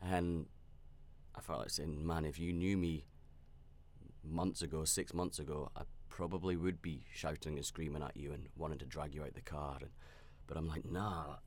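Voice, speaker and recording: With a very deep, steady voice, a man shares a personal story on his own podcast. He rambles candidly and reflectively, often restarting sentences and filling pauses, and sounds self-aware.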